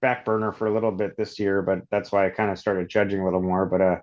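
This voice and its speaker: A man from Northern California, a podcast guest, telling long rambling stories in a casual, animated way. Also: low voice, quick pace, muffled recording. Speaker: podcast guest, off-road shop owner. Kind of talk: casual storytelling.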